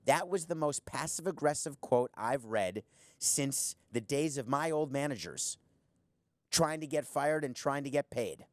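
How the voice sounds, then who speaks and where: A man's voice: medium pitch, lively intonation, measured pace, dry recording. Sarcastic man ranting on sports. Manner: sarcastic, emphatic, talks straight to the viewer. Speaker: show host, former team owner. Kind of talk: opinionated sports commentary monologue.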